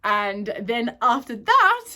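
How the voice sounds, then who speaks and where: A woman's voice: fairly high pitch, sing-song, slow, pushed and bright, no echo. A young woman vlogging casually to camera, chatty and rambling with self-correcting asides. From Australia. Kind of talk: casual vlog talk to camera.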